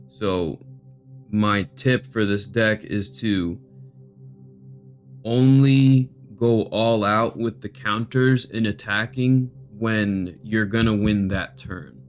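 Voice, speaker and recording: A man hosting a card game channel, explaining deck strategy in a steady, monotone way. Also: on the low side, slow pace, faint music behind.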